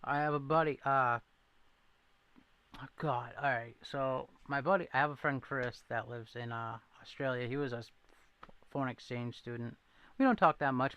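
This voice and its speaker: Chatting with viewers on a casual livestream, a man reads comments aloud and tells rambling stories, laughing often. He notes that he needs his glasses to read the chat. His voice is medium-pitched and fairly bright, and there's no echo.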